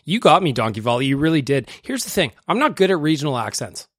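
A man's voice: fairly high pitch, sing-song, fast talker, a bit bright, no room sound, studio quality. A man hosting a casual podcast, chatty and self-deprecating as he plays listener voicemails. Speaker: podcast host.

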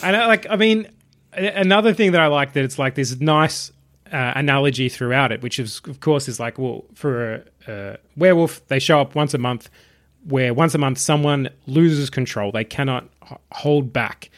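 A man talking over a movie with a friend in an easy, relaxed way. He laughs often and slips into quoted lines as he retells scenes, keeping the tone loose and casual. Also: mid-range voice, moderate pace. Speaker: film podcast co-host. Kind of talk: casual film review chat.

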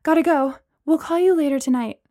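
A woman's voice: sits high, a little fast, mellow, no room sound, clean studio sound, voice pushed up, lightly acted. A woman voicing a cheerful, flustered young hostess in a read-aloud story.

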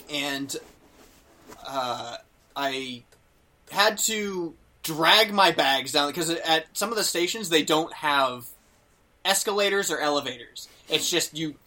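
A young man chatting casually on a podcast, telling a travel story with lots of fillers and acted-out quotes. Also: a little high. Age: young adult. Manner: animated, acts out quotes, many fillers. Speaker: podcast host.

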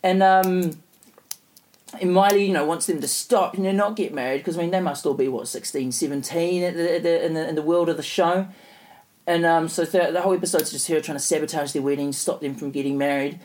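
A man's voice: a little high, brisk, darkish tone. A man co-hosting a podcast, recapping an episode in a rambling, casual way full of fillers. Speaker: podcast co-host. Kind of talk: casual chat.

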